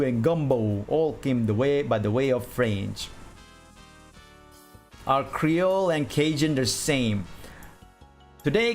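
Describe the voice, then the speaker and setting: Man, middle-aged, art streamer, casual chat, laughs a lot, animated pitch. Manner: chatty, reads chat aloud, laughs often. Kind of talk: casual live-stream chat while drawing.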